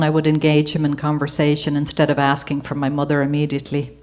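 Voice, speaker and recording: A woman's voice: sits low, completely flat delivery, quick pace. A woman with an Irish accent reading from her memoir at a gallery event, switching between reading and chatty, conversational storytelling. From Ireland. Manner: warm conversational asides with occasional laughter. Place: gallery event before an audience.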